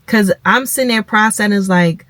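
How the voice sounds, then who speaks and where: Lady in her 30s, halting tearful vlog story, says y'all a lot, dry close sound. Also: mid-range voice, fairly bright tone, dry recording. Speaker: vlogger. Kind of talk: emotional personal storytelling to camera.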